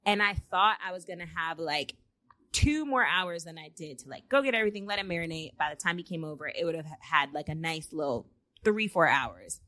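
A woman's voice: low-pitched, a little fast, dry recording, clean studio sound. A young woman co-hosting a casual chat podcast, telling stories with lots of laughter and acted-out quotes from her home office. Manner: animated storytelling, laughs often, acts out quotes. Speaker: podcast co-host.

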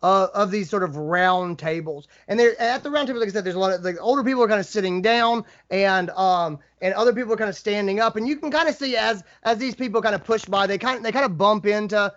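A man with a Southern US accent, narrating a tabletop game as dungeon master in a halting, filler-heavy way. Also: sits high, fairly bright tone, muffled recording.

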